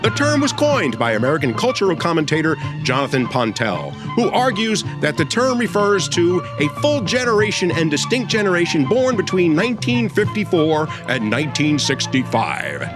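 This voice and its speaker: A man's voice: a little high, wildly swooping pitch, moderate pace, few pauses, music in the background. A man putting on the voice of a stiff, formal narrator from an old educational film. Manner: stiff formal announcer delivery.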